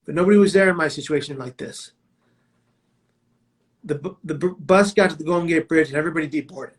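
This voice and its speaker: This man's voice sits a little high and moves a little fast. He's a prevention speaker sharing his personal history, delivered with drama, vivid detail, and forceful quoted lines.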